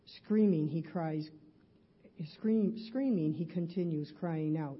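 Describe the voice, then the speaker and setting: A middle-aged woman in a church, earnestly reading her personal testimony aloud, halting at times with restarts. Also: deep voice, breathy edge, dull audio. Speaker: church member giving a testimony.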